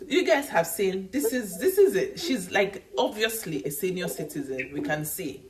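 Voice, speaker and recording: A woman's voice: on the low side, lively intonation, moderate pace, far from the mic, a crowd in the background. A Nigerian woman hosting a live stream who exhorts her viewers in a preachy, emphatic way, often asking "hmm?" as she goes. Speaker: livestream host. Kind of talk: motivational live stream chat.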